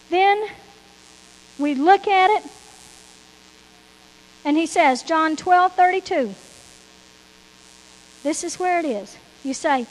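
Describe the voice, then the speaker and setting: High-voiced woman preaching with long reverb. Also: animated, slow pace, pauses often. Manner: emphatic and repetitive, quoting scripture. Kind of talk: sermon.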